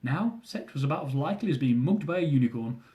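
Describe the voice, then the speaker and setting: A man's voice: on the high side, expressive, fast talker, dark tone. A young man reading aloud from his own travel memoir, with dry, self-mocking humour.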